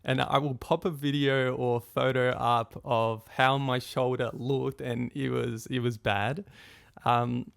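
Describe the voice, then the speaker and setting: A young man tells a personal story on his podcast with plenty of life, slipping into the voices of his friends and of his own past thoughts. His voice has a gravelly edge. The recording is dry and close, with no room sound. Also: medium pitch, no room sound. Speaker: podcast host.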